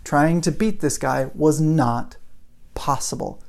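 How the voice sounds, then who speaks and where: A man's voice: a little high, slow pace, gravelly. A man giving a casual motivational talk, telling a story and building it up with repeated phrases. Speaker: motivational speaker.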